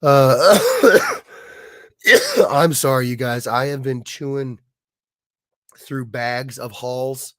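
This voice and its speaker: Sick guy w a raspy hoarse voice, halting stream chat, dry close sound. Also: mid-range voice, no echo. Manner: halting, many restarts and fillers. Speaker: livestream host, illustrator. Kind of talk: casual livestream chat.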